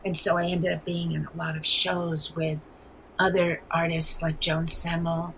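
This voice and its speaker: Gravelly-voiced New York woman in her seventies. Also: fairly low pitch, a little slow, a little hiss or hum, poor audio. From New York City. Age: 70s. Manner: rambling, animated storyteller with frequent restarts. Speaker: guest artist. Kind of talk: casual interview.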